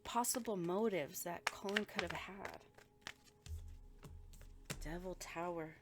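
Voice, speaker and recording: A woman's voice: lowish voice, slow, music in the background. A woman giving a blunt, profane intuitive reading, talking emphatically as she reads the energy of the people involved. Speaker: spiritual reader.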